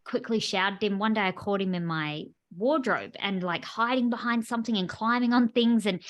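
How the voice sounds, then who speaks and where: A woman's voice: mid-range voice, moderate pace. Chatty woman co-hosting a podcast. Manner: chatty, warm agreement, frequent "like" fillers. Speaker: podcast co-host. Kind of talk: casual conversational chat.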